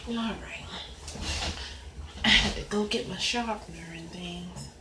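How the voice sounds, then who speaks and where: A woman with a Southern US accent and a high voice chatting casually while she colors, rambling in an easygoing way. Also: slow pace, roomy sound, heavy background noise. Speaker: coloring video creator. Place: at home at a coloring desk.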